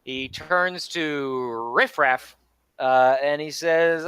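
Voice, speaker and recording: Slow, bright-voiced male game master with a rambling narration. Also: fairly high pitch, clean tone, dry recording. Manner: rambling, many fillers.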